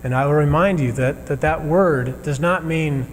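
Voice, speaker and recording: A man preaching a sermon as minister, earnest and measured, pausing between phrases. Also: on the high side. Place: church sanctuary. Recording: reverberant sanctuary with faint hum.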